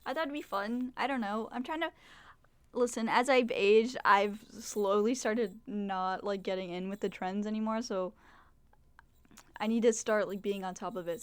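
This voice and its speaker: A woman's voice: mid-range voice, moderate pace, clear, resonant tone, no echo. A young adult woman chatting casually to viewers on a livestream, swearing and trailing off, at a desk microphone. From Mexican heritage. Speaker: streamer.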